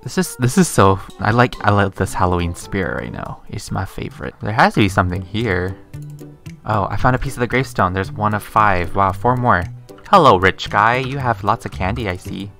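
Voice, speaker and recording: A woman's voice: extremely low pitch, lively intonation, fairly quick, vocal fry, a bit bright, soft background music. A young woman casually commenting on her gameplay in a giggly, playful, exclaiming way. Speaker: gaming video host.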